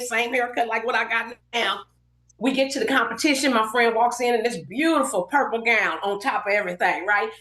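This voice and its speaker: A middle-aged woman from Los Angeles, a podcast guest telling a story and acting out the lines of everyone in it. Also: fairly high pitch. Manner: animated storyteller acting out quoted dialogue. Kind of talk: casual storytelling interview. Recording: roomy echoey podcast room.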